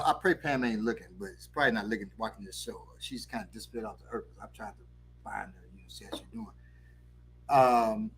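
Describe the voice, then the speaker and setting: A man's voice: mid-range voice, breathy edge. A man hosting a talk show, telling a story animatedly with laughter and acting out the voices of the people in it. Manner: lively, laughing, acts out the voices of the people in his stories. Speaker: host.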